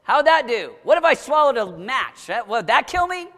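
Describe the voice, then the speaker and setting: High-pitched bright-voiced man preaching a sermon. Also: big pitch swings, moderate pace, in a large hall. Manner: dramatic, swings from shouting to low intensity.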